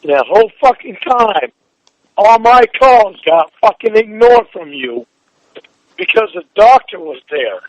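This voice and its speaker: Very high-voiced man, furious and swearing. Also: sing-song, measured pace, dry recording. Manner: furious, swearing nonstop, demanding. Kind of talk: heated phone call. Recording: dull phone line recording.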